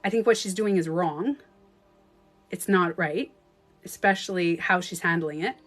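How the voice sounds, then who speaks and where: A Canadian woman coaching in a casual livestream talk, swinging into sudden loud outbursts. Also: fairly low pitch, unhurried, soft background music. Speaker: life coach. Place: at home, streaming live. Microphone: phone.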